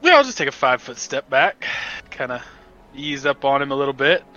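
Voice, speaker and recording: A man's voice: mid-range voice, very animated, a little fast, bright, forceful tone, muffled recording. A man playing in a tabletop game, easygoing and joking with the others. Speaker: player. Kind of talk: casual tabletop play.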